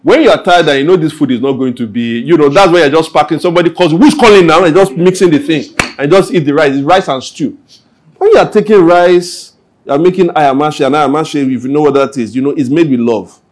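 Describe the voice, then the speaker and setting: A man's voice: on the high side, brisk, a little mellow. A man answering questions at a church Q&A, talking conversationally and acting out everyday scenes. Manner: conversational, acts out everyday scenes with little quoted voices. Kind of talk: Q&A talk.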